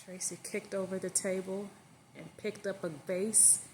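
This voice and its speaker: A woman's voice: mid-range voice, fairly even intonation, measured pace, a little mellow, slight background noise. A woman narrating a story casually in her own words, with fillers and emphatic stress.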